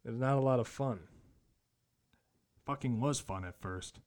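A man's voice: medium pitch, a little slow, a little mellow. Crude, laughing young man telling a story. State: tired. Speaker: podcast co-host. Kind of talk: casual chat, storytelling.

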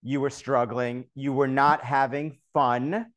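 A man hosting an interview, asking his guest measured questions. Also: mid-range voice, fairly even intonation, fairly bright tone. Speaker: podcast host.

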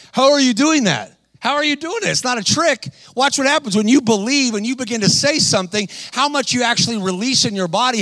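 Man, preacher, high voice, animated, exhorting, dry close sound. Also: no room sound. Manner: animated, exhorting, calls to the crowd. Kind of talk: energetic sermon.

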